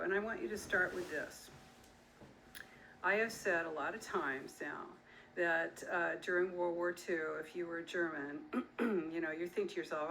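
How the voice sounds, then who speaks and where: A woman's voice: lowish voice, moderate pace, bright, forceful tone, slight background noise, low-quality recording. A middle-aged woman, an author and activist, speaking earnestly and emphatically straight to her listeners. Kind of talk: direct-to-camera talk.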